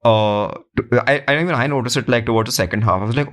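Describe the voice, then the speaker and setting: A man's voice: mid-range voice, normal speed. A man co-hosting a podcast, giving frank, opinionated film criticism in casual chat. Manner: frank, opinionated, with frequent fillers.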